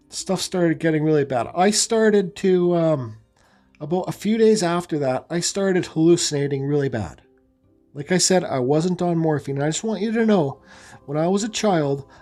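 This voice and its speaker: A man's voice: on the high side, darkish tone. A man with a somewhat raised voice tells his own story in a loose, rambling style. He restarts sentences often, leans on fillers like "I says", and swears without holding back. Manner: rambling, repeats himself, swears freely. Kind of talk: casual personal storytelling.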